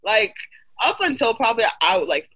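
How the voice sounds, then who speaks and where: A young woman from Idaho talks candidly in a casual chat, peppering every thought with "like". Her voice is bright and forceful. The recording is a little dull and lo-fi. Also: fairly high pitch, a little fast, slightly rough. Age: young adult. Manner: animated, candid, heavy use of 'like'.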